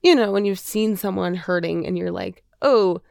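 A woman talks openly in casual podcast chat and laughs often as she goes. Her voice has a gravelly edge but stays smooth. The sound is dry and close. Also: fairly low pitch, fairly even intonation, moderate pace, a little mellow, dry recording. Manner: chatty, candid, laughs often. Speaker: podcast co-host.

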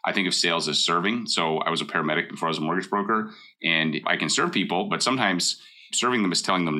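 Middle-aged man, very deep and bright-toned, casual advice talk, emphatic and direct. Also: quick pace. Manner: blunt, emphatic, repeats key points. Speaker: mortgage broker.

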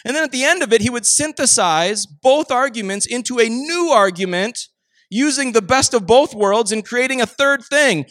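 A man from Minnesota, preaching a sermon in an animated, storytelling way with rhetorical asides. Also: very high voice, moderate pace, no room sound. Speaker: pastor.

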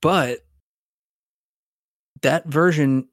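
A man co-hosting a casual chat, quickly laying out a theory with some stumbling restarts. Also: on the high side, no echo, clean studio sound. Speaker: podcast co-host.

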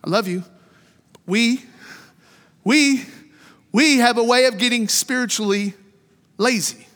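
High-voiced preacher in an echoing hall. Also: male voice, slow. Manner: animated storytelling, repeats phrases. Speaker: pastor. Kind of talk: sermon. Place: church sanctuary. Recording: long reverb of a church hall.

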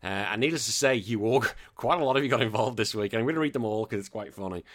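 A man's voice: fairly low pitch, fast. A man hosting a podcast in casual chat, joking, swearing and laughing as he reads listener messages. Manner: swearing, jokey, laughs often. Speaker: podcast host.

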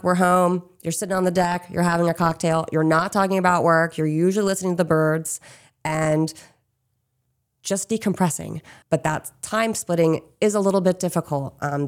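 Her voice sits on the low side as this Chester County, Pennsylvania woman, who owns a small business, responds casually to interview questions, sprinkling in plenty of "um" and "you know."

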